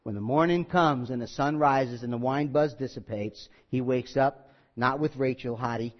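A man's voice: mid-range voice, normal speed. A male pastor preaching a sermon in a folksy, joking way that turns earnest and emphatic. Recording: slightly muffled recording.

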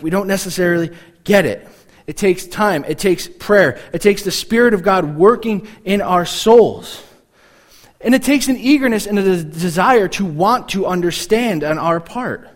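A man preaching a casual, conversational sermon, often acting out the reactions of listeners in short quoted asides. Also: a little high. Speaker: pastor.

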